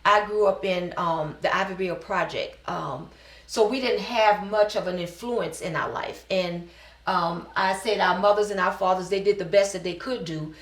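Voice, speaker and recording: Animated woman telling her story, echoey room. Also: medium pitch, moderate pace, recorded from a distance. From New Orleans. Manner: animated storyteller acting out quoted dialogue. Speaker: business owner being interviewed. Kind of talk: personal storytelling interview.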